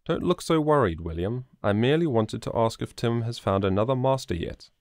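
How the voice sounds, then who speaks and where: A man's voice: medium pitch, expressive, a little fast, a little mellow, no room sound, studio quality, close to an everyday voice. A man voicing a kind, teasing yet earnest young shoemaker in a storybook reading. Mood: reassuring.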